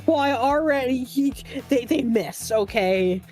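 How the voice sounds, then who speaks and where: Female tabletop player, slow and loose, casual and profane. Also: high voice, expressive, a little mellow, soft background music. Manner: laughs often, swears casually.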